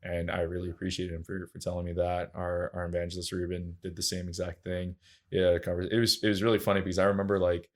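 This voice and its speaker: A man's voice: deep voice, completely flat delivery, quick pace. A young man, a track and field coach, telling his story as a podcast guest in an earnest, candid, casual way full of slangy fillers.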